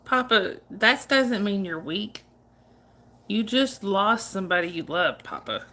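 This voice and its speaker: Bright-voiced woman chatting on a livestream. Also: mid-range voice, lively intonation, measured pace. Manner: chatty, comforting, laughs often, talks to chat by name. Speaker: livestream host. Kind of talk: casual livestream chat reading viewer comments.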